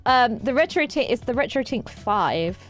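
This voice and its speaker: Excitable woman streamer. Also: a little high, moderate pace, faint music behind. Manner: excitable, rambling, repeats herself, giggly. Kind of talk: casual livestream chat.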